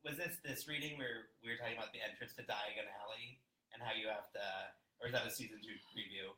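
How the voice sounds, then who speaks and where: A woman's voice: very deep voice, steady tone, fast talker, pushed and bright. A woman co-hosting a podcast, dropping dry wisecracks in casual banter. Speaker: podcast co-host. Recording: echoey room.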